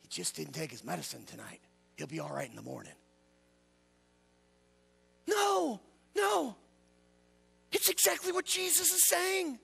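A male evangelist delivering a revival sermon in a church, with a high, bright, forceful voice. He swings from loud high exclamations down to low quiet asides, with lively swings in pitch, and keeps calling out questions for the congregation to answer. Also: measured pace, gravelly, long pauses, breathy edge. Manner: call-and-response with the congregation. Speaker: evangelist preacher.

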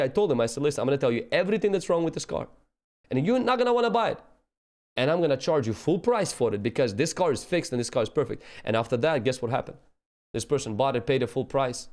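A man's voice: mid-range voice, a little mellow. A man preaching a sermon, telling personal stories and acting out the people he quotes in an earnest way. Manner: earnest, acts out quoted voices.

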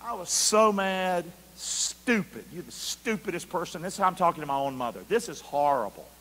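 A man preaching a sermon as pastor, calling for answers from the congregation and swinging from quiet asides to loud shouts. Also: high-pitched, expressive, normal speed, a little hiss or hum. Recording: long hall reverb.

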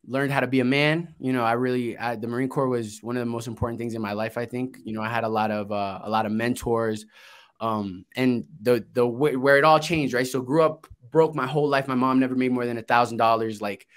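A man's voice: medium pitch, steady tone, a little fast. Casual guy telling his life story on a podcast, cusses a lot, acts out the dialogue, mid voice. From Florida, United States. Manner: laid-back, swears, acts out quoted dialogue. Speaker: guest, investing entrepreneur.

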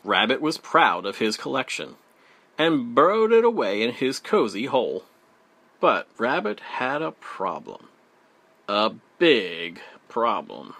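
A man reads a children's storybook aloud, slowly and with great expression. His voice is bright and clear, and it rises and falls widely. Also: medium pitch, huge pitch swings, no room sound. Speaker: storybook reader. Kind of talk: children's audiobook read-aloud.

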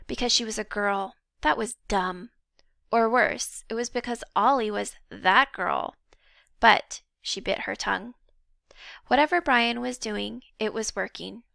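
A woman narrating a children's novel aloud in an expressive, measured reading style. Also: fairly high pitch, gravelly, dry recording. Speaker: audiobook reader. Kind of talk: storybook narration.

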